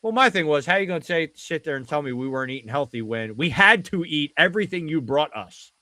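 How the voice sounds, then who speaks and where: A man's voice: fairly high pitch, lively intonation, fast talker, bright, forceful tone, dry recording. A man in a casual podcast chat, telling a long anecdote with frequent restarts and fillers.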